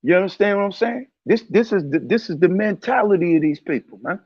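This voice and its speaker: A man's voice: high-pitched, animated, brisk, no echo. Heated preachy man, dull lo-fi sound. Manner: heated, preachy, repeats himself. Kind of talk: casual religious commentary.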